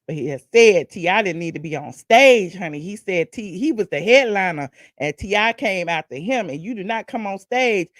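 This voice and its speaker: A woman with an Atlanta accent hosting a gossip show, reacting to clips with excited exclamations. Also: medium pitch, moderate pace, few pauses, dry recording, clean studio sound. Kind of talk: casual commentary reacting to clips.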